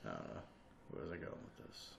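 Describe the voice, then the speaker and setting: A young man co-hosting a podcast, chatting in a laid-back, mumbling way and swearing. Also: fast. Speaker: podcast co-host. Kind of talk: casual chat. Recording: echoey room with faint noise.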